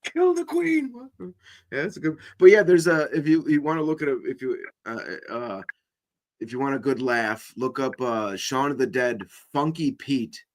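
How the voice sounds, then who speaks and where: A man's voice: medium pitch, moderate pace. A man in a casual group chat, talking animatedly and acting out bits of movies. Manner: animated, acts out movie quotes. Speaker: panel participant.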